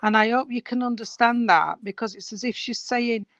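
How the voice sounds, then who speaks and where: A woman's voice: medium pitch, measured pace, long pauses, fairly bright tone, dry recording, dull audio. A woman working as a spiritualist medium, chatty and rambling, calling people sweetheart and darling as she gives a reading over a video call. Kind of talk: live mediumship reading at an online service.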